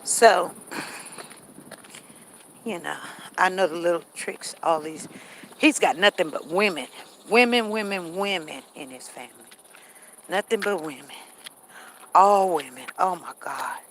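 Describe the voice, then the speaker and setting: A woman's voice: lowish voice, expressive, a little slow, long pauses, a bit bright, slight background noise. Candid woman chatting on a walk. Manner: candid, repetitive, reads chat comments aloud. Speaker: live stream host. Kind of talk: casual chat while walking. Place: outdoors in a residential neighborhood.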